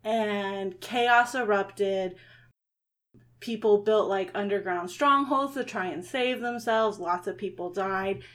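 A woman's voice: mid-range voice, slow pace, a bit bright. A woman narrating as game master of a tabletop game, rambling with lots of fillers.

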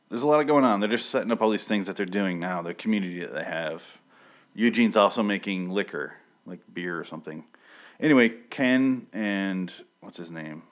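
Low-voiced man rambling through a recap. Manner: rambling, profane, self-correcting. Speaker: TV episode recapper. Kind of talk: casual spoken recap.

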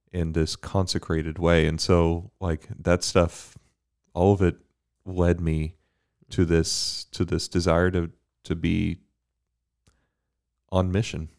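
Deep-voiced priest in casual chat. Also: male voice, creaky, smooth. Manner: relaxed, thoughtful, frequent fillers and laughs. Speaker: priest, podcast co-host. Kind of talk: casual faith podcast chat.

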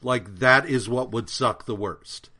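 A man's voice: mid-range voice, unhurried, pushed and bright. A man co-hosting a podcast, rambling through a comic book recap in casual, profane chat with lots of fillers. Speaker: podcast co-host.

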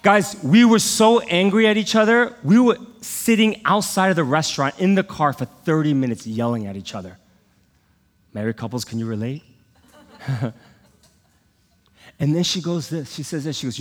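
A middle-aged man telling a personal story in a sermon, swinging from loud outbursts to hushed asides. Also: fairly high pitch, lively intonation, normal speed, in a large hall. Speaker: pastor.

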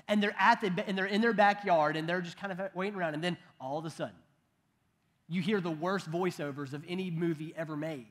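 A man in his thirties preaches with a notably high-pitched voice. He keeps it conversational, slipping in joking asides and restarting his sentences as he goes. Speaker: pastor. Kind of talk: sermon.

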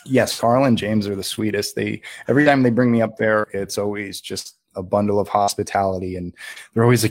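A man, a filmmaker guest, telling stories in a casual, animated interview, full of filler words. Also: lowish voice, brisk, no room sound.

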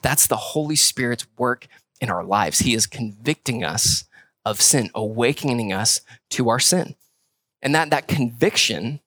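A man's voice: mid-range voice, no room sound. A man in his thirties preaching a sermon as a pastor, talking in a loose, conversational way with lots of restarts and repeated words. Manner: conversational, animated storytelling with quoted voices.

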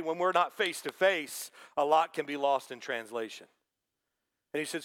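A man's voice: high-pitched, fairly bright tone, clear, resonant tone. A man preaching a sermon to a congregation, talking in a conversational way and quoting scripture. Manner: conversational preaching with quoted asides. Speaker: pastor.

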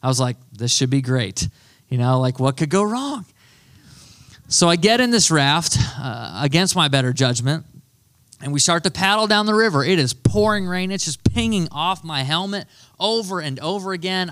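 Bright, upbeat male preacher. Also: a little high. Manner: animated, self-deprecating storyteller. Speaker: pastor. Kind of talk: storytelling sermon.

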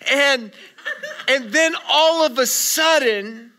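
A man preaching a conversational sermon in church, telling stories in an animated way with frequent restarts. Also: extremely high pitch, takes it slowly. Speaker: pastor. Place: church sanctuary.

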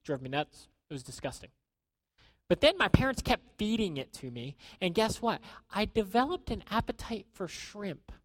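A man preaching a sermon in a conversational way, acting out quotes and dropping to a hushed tone at times. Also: high-pitched, very animated, moderate pace, dry recording. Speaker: pastor.

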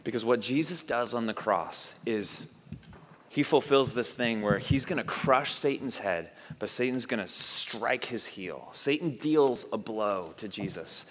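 A man preaching a sermon in a church sanctuary, animated and conversational, with rhetorical questions. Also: medium pitch, a little slow, in a large hall. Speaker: pastor.

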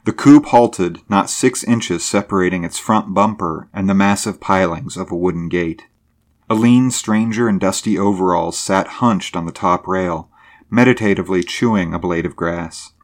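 Low-voiced male story narrator. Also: normal speed. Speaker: audiobook narrator. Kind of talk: scripted narration.

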